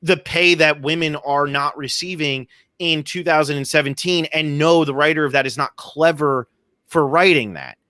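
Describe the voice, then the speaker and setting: A man's voice: a little high, normal speed, sharp tone, dry recording, clean studio sound. Opinionated man ranting about movies. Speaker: podcast co-host. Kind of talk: casual film discussion.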